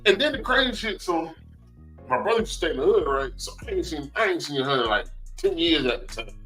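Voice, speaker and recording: A man's voice: a little high, faint music behind, low-quality recording. A man co-hosting a casual podcast, telling stories in slang and laughing easily. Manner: lively, slangy, quick to laugh. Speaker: podcast co-host. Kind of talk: casual storytelling chat.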